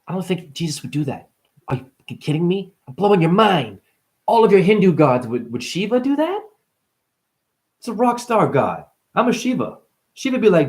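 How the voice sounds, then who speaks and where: A man speaking in a loose, playful monologue as a spiritual vlogger, often addressing listeners as honey. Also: a little fast. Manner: animated, swinging pitch, playful, calls listeners honey. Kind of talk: casual monologue.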